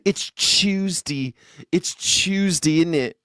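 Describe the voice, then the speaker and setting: An American man putting on a pompous, prim, posh British voice with a drawn-out, exaggerated lilt. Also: a little high, fairly bright tone, clean tone, no room sound, clean studio sound, pitched above the performer's own voice. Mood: mocking, prissy.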